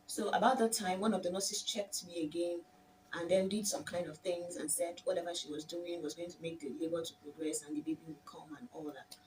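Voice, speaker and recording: A woman's voice: fairly low pitch, steady tone, brisk, darkish tone. A young Nigerian woman vlogger telling a personal story with emotion, often calling her viewers "my dears". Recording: distant mic with faint background noise.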